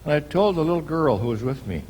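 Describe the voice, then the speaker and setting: An older American man preaching a sermon in a church, telling a story at an unhurried pace with pauses and restarts. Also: on the high side, animated, a little mellow, a little hiss or hum. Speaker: pastor.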